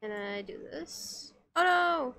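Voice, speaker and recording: A woman's voice: sits high, animated, takes it slowly, bright, forceful tone. A woman streamer chatting casually with her viewers while she draws, giggly and playful as she teases her chat.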